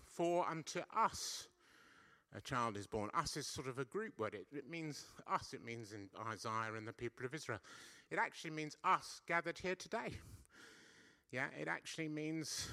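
Chatty preacher guy, middle-aged, really bright voice, playful with the crowd in church. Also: on the high side, expressive, normal speed, vocal fry. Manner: chatty, playful, asks the congregation questions. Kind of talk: lively church sermon. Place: church service.

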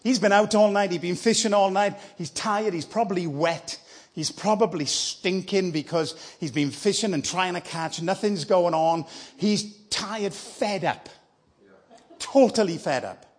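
A man's voice: high-pitched, measured pace. A man preaching as a guest speaker in church, telling a story in a conversational, encouraging way. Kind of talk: sermon.

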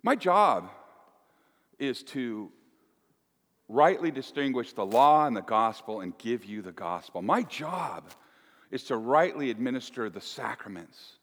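Pastor guy preaching, lively swings in pitch, folksy asides, echoey church. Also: measured pace. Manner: animated, folksy, with playful asides. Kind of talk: sermon.

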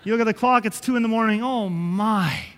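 A man giving a conversational sermon-style teaching, telling animated stories that act out dialogue and chuckling often. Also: high voice, fairly quick, a little hiss or hum. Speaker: Christian preacher and father. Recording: long hall reverb.

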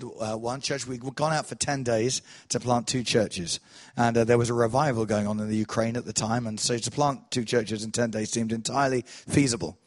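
A man preaching to a congregation, telling a testimony with animated storytelling that swells loud and then drops soft. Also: mid-range voice. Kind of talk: sermon testimony.

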